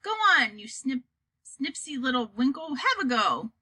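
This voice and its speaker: A woman's voice: sits high, very animated, measured pace, sharp tone, breathy edge, dry recording, heavily acted. The BFG, a muddled old giant, read by a woman. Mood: gleeful. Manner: jumbled grammar, delighted, playful. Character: ancient kindly male giant, muddled words. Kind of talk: storybook character reading.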